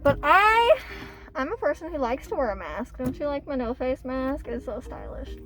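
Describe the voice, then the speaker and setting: A woman's voice: sits high, big pitch swings, normal speed, fairly bright tone. A young woman chatting casually in a vlog, bubbly and talkative, swearing now and then. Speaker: vlogger.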